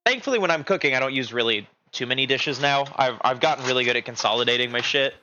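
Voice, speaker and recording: A man's voice: mid-range voice, fast talker, pushed and bright, highs cut off. A man chatting casually while cooking on a live stream from his home kitchen, rambling, laughing often and restarting his sentences.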